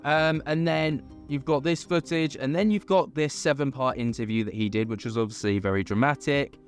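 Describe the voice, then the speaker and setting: A man chats through a commentary vlog in a casual, skeptical way, leaning on fillers as he goes. His voice sits at an ordinary middle pitch, with soft music faintly underneath. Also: normal speed. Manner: chatty and skeptical, many fillers. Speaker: host. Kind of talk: casual commentary on online videos.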